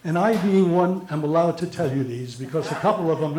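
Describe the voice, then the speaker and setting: A man's voice: fairly high pitch, moderate pace, crowd noise. Older man telling jokes on stage. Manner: storytelling, acts out characters, occasional stumbles. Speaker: stand-up comedian. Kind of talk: stand-up joke telling. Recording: echoey room.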